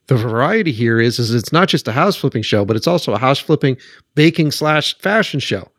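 Animated, profane man ranting. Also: mid-range voice, brisk, no echo, clean studio sound. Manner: animated, profane, sarcastic, keeps asking "right?". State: worked up. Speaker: podcast host. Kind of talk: solo podcast rant.

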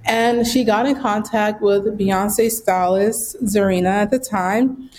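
A woman's voice: medium pitch, slow pace, rough recording. A young woman, a business founder, telling stories casually in an interview with lots of fillers. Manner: animated, chatty storyteller with lots of fillers. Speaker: guest, bag brand founder.

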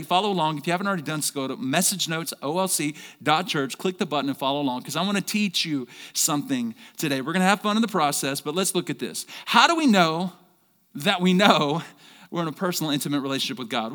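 High, bright-voiced pastor preaching in a hall. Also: male voice. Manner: energetic preaching with big swings in pitch and volume. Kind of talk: sermon. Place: large church hall. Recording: long hall reverb.

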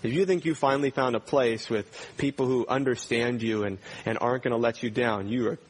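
A man's voice: medium pitch, brisk, slight background noise. A male pastor preaching a sermon in a church, earnestly putting pointed questions to his congregation.

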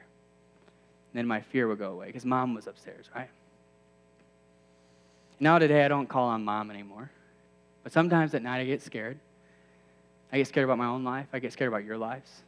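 A man in his thirties preaches to a campus ministry in a conversational style, his self-deprecating asides building to emphatic peaks. He speaks briskly at medium pitch, with long pauses and a long reverb tail.

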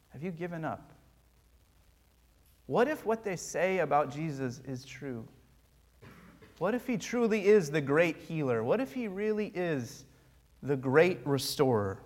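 A man preaching a sermon as pastor, earnest and pleading with touches of dry humor. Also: fairly high pitch.

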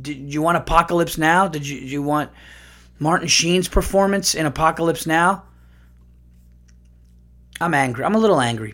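A man hosting his podcast in a casual comedic monologue, ranting and swearing freely. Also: a little high. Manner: profane, ranting. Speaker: podcast host.

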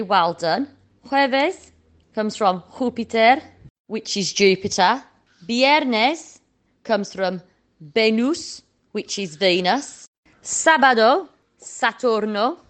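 A woman leads a children's Spanish lesson at a medium pitch. She slows down and stretches out key words so young listeners can repeat after her. Her delivery stays clear and patient. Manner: slow, drawn-out modelling of words for repetition. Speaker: Spanish teacher.

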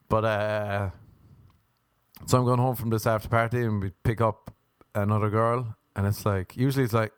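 A young Irish man telling a rambling, animated story. He laughs and jumps up in pitch for emphasis. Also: moderate pace, no room sound, clean studio sound. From Ireland. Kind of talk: casual storytelling monologue.

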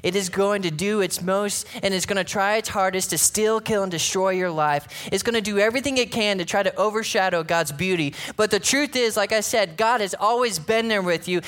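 Male pastor, higher-pitched voice, casual conversational sermon style with animated storytelling. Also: a little fast, few pauses. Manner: conversational preaching, frequent "right?" asides, animated retellings.

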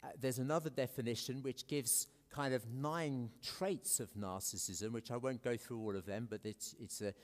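A man's voice: medium pitch, normal speed, hardly any pauses. A man with an English accent preaching a sermon in a conversational, self-deprecating way, with many fillers and restarts. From South Africa. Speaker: pastor. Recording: echoey hall with long reverb.

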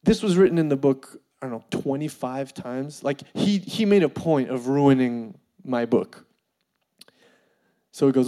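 A man telling a funny personal story in an animated way, full of fillers and laughing as he goes. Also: medium pitch, a little slow. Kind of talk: comedic storytelling.

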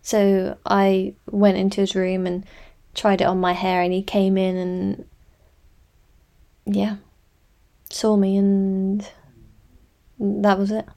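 A woman's voice: medium pitch, flat delivery, takes it slowly, pauses often, warm tone. A woman voicing a tired, bitter elder sister who speaks curtly. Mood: weary. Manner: tired, curt.

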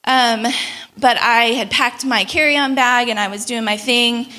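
A young woman telling a travel story in a sermon, animated and laughing often as she acts out the people in it. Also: on the high side, unhurried. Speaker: speaker at a church gathering.

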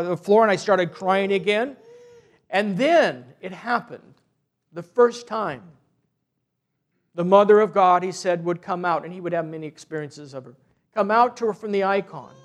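A man with a high voice preaching from the pulpit as a parish priest. He tells his story earnestly and unhurriedly, often stopping to restart a phrase. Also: moderate pace. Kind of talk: sermon with a retold story.

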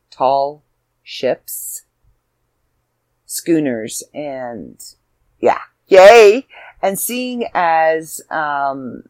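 A woman's voice: low voice, darkish tone, no echo. A woman, hosting her own podcast as an author, chatty and self-deprecating, sounding tired. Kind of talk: casual solo podcast chat.

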